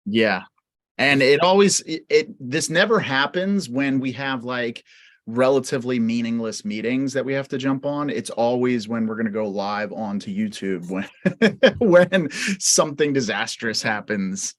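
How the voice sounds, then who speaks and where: A man's voice: mid-range voice, expressive, unhurried. Talkative man on a video call. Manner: talkative, lots of "like", motivational. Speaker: co-host of live Q&A. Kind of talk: casual live-stream chat.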